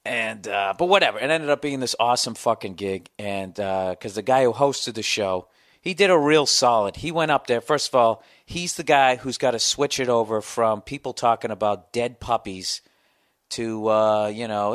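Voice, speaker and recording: A man in his forties riffing through a profane comic rant as a podcast host, voice sitting at an everyday middle pitch. The sound is dry and close, with no room around it. He rambles, swears and keeps circling back for emphasis. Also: normal speed, no room sound. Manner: profane, ranting, animated storytelling. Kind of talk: casual storytelling monologue.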